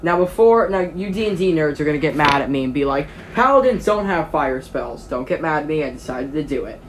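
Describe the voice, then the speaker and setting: A game master narrating a tabletop game in a rambling way, with many pauses and restarts. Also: medium pitch, slight background noise.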